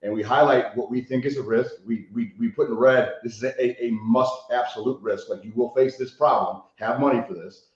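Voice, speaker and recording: A man's voice: medium pitch, fairly even intonation, brisk. A man from Chicago, a rehab consultant guest on a podcast, telling stories animatedly, swearing freely and tagging lines with "right?". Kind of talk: casual podcast interview. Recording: echoey room, muffled lo-fi sound.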